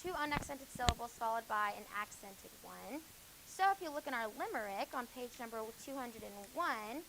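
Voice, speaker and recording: A woman with a somewhat high voice teaches a high school class and explains a lesson step by step. She stumbles through fillers and corrects herself as she goes. A faint hiss sits under the recording. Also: poor audio. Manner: explains with many fillers and self-corrections, hushes students. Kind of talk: classroom lecture.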